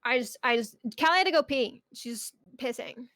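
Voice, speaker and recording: A young woman streamer rants casually about her job, swearing often and breaking into mock outbursts. Her fairly high, animated voice is fairly bright and moves at a normal speed, with a dry, clean studio sound.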